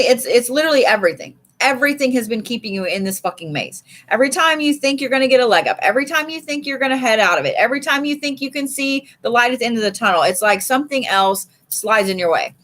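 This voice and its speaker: A woman's voice: mid-range voice, fairly bright tone. A woman giving a casual live card reading from home, chatty and swearing freely. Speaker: live tarot reader. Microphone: streaming setup.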